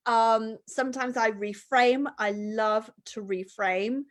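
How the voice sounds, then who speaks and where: A woman with a fairly high voice talks as a guest in a relaxed chat. She speaks with animation and slips into the voices of the people she quotes. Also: takes it slowly. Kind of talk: casual conversation.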